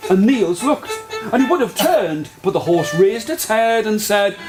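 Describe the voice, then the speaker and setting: A male storyteller telling a folk tale live, coaxing the audience to join in, with loud fiddle music in the background. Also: high-pitched, sing-song, measured pace.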